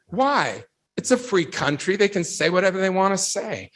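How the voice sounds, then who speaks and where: A man giving a devotional talk to young people, telling animated anecdotes and asking rhetorical questions. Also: high-pitched, normal speed. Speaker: religious speaker addressing youth.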